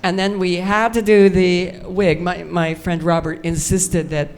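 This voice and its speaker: A woman's voice: lowish voice, little pitch movement, unhurried, clean tone. Chatty older woman telling stage stories. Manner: chatty, self-mocking, breaks into laughs. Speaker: convention panel guest. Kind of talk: storytelling on a fan panel. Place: convention stage before a live audience.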